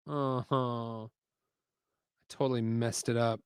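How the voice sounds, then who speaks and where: Male streamer host, casual and chatty, mid-pitched voice, dry close sound. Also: steady tone, moderate pace, pauses often, clean tone, no room sound. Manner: chatty, muses aloud, reads chat messages. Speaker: LEGO building livestream host. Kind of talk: casual livestream chat while building. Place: home garage.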